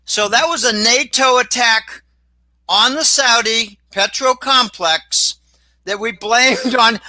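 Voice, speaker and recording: A man talking as a guest in a casual interview, rambling and animated, with sudden exclamations. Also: very high voice, takes it slowly, no echo, rough recording. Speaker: guest commentator.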